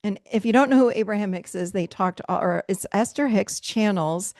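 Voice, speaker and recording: A middle-aged woman leading a virtual workshop, telling stories in a casual, animated way and acting out what people said, with frequent laughs. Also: medium pitch, moderate pace, dry recording, clean studio sound. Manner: animated storytelling, acts out quotes with laughs. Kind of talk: casual talk to a group. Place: video call. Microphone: video call mic.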